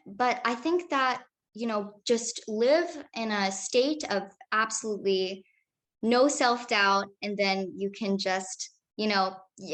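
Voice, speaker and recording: A teenage girl, a young actress, talks through her answers in a chatty, upbeat way. She fills her sentences with ums and likes and keeps a mid-range pitch. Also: a bit bright. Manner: chatty, upbeat, with many fillers. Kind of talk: casual interview answers.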